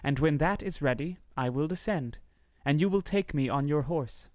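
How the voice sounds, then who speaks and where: A gentle, trusting young maiden, as a man reads her speaks softly and earnestly in a fairy-tale reading. The voice sits a little high for a man. The sound is close and dry. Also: moderate pace, dry recording, natural voice.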